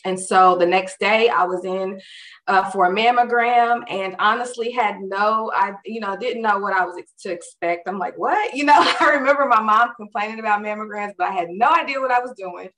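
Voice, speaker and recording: A woman recounts her own experience in a relaxed, conversational way, peppering her talk with fillers and animated quoted asides. Her voice sits at a middle pitch and sounds set back from the mic in an echoey room. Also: brisk. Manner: animated, acts out others' words in quotes. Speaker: storyteller recounting a personal experience. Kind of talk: casual spoken personal story. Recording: roomy and distant from the mic.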